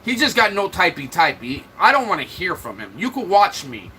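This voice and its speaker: A man's voice: high-pitched, big pitch swings, normal speed, pushed and bright, slight background noise, poor audio. A man hosting a livestream, trash-talking and mocking commenters in loose, joking banter. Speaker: livestream host. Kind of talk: mocking live-chat banter.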